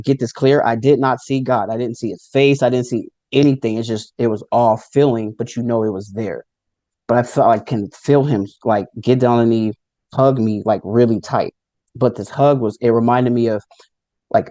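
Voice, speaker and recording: Man, middle pitch, mellow and warm tone, dry close sound; casual first-person testimony, rambling and filler-heavy, with acted-out quotes. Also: no echo. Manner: loose storytelling with many fillers and acted quotes. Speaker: near-death experience speaker.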